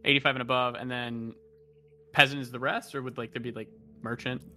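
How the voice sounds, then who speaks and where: A man's voice: mid-range voice, flat delivery, a little fast, pushed and bright, faint music behind. A man playing a tabletop game, chatting casually and asking questions, often saying "like". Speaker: player.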